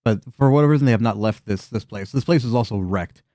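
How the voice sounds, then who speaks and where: A man's voice: on the low side, quick pace, mellow, dry recording, clean studio sound. A man narrating as the game master of a tabletop game, describing scenes in a loose, rambling way with many restarts.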